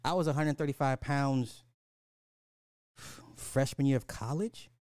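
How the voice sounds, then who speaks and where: A man's voice: medium pitch, fairly even intonation, unhurried, a little mellow, clear, resonant tone, dry recording, studio quality. A man hosting a podcast, rambling in casual commentary, laughing and apologizing for going off track. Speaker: podcast host.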